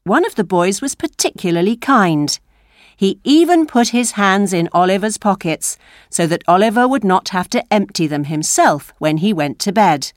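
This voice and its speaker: A woman narrating a classic story aloud for language learners, slow and expressive. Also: mid-range voice, no room sound, clean studio sound. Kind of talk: reading a graded story aloud.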